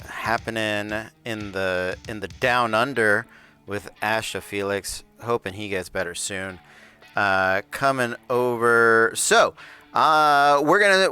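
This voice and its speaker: A man hosting a live tabletop game stream and reviewing rules, relaxed and rambling, with fillers and restarts. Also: mid-range voice, clear, resonant tone. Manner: says he has his announcer voice on. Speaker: host and game master of a PvP league stream. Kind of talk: livestream talk, reviewing rules. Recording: faint background music.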